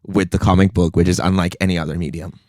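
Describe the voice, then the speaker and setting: A man's voice: low voice, fairly even intonation, quick pace, a little mellow, no echo, studio quality. A man co-hosting a podcast, talking enthusiastically about a comic and laughing a lot. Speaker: podcast co-host. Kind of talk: casual chat about comics.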